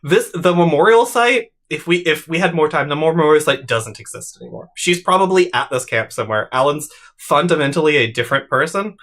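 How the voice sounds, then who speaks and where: A game master reflecting on the story in a relaxed, easy-laughing post-game chat. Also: medium pitch, a little fast.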